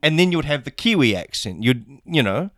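A man guest on a comedy podcast, talking in a deadpan, mock-earnest way. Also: medium pitch, fairly quick, no echo, clean studio sound. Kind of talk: improvised comedy chat.

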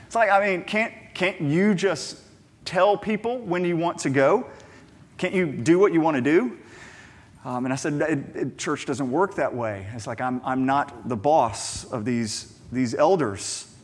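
A man's voice: fairly high pitch, unhurried. Emphatic man preaching a sermon. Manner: emphatic, repeats words, rhetorical questions; conversational storytelling asides. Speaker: pastor.

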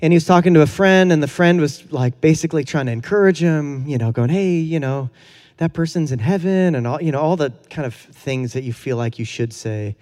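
A man's voice: on the high side, a little fast, hardly any pauses, darkish tone, big-room sound. A man preaching a conversational sermon in a casual, earnest way, with fillers and chuckles. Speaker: pastor.

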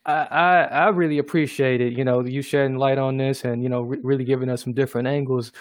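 A man's voice: mid-range voice, fairly even intonation, fast, no room sound. A man hosting an interview, speaking hesitantly with lots of fillers and short agreeing backchannels. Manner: hesitant, many fillers and restarts, brief backchannels. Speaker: interviewer, host. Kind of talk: casual interview.

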